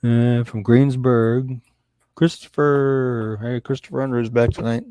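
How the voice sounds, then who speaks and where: Man hosting a podcast, from Kansas, mellow dark tone, dry close sound. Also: mid-range voice, steady tone, unhurried, clear, resonant tone, no echo. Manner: easygoing, reads out viewer shout-outs. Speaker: podcast host. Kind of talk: casual live-stream chat.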